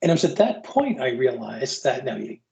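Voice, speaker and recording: A man's voice: mid-range voice, sing-song, normal speed, gravelly, a crowd in the background, rough recording. Casual male EMS instructor, mid-range voice, tells stories in a frank, offhand way. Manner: candid, storytelling, casual asides. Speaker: EMS continuing education instructor. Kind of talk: conversational lecture with stories. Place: lecture to EMS providers.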